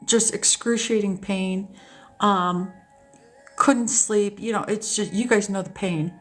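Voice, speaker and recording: A woman's voice: mid-range voice, slow. Candid woman chatting over faint music. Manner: animated, candid, swears freely. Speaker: host. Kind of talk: casual storytelling chat to a live audience.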